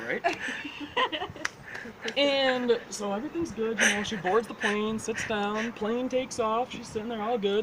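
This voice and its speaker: A man telling a long joke casually, jumping into high character voices for the people in it. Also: background noise. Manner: animated storyteller, jumps into high character voices. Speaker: joke teller.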